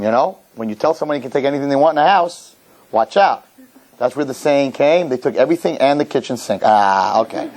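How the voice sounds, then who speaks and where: A rabbi giving a lecture, telling a funny story and acting out its characters before drawing a lesson. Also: male voice, fairly high pitch, poor audio. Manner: animated storyteller, jokes, acts out characters. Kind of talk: humorous sermon lecture.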